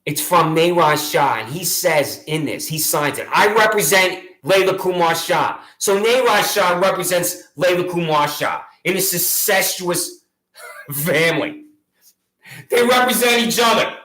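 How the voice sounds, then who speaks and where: A man's voice: fairly high pitch, lively intonation, a little slow, bright, forceful tone, roomy sound, low-quality recording. A man making an impassioned public complaint against local officials, accusatory, sarcastic and repetitive.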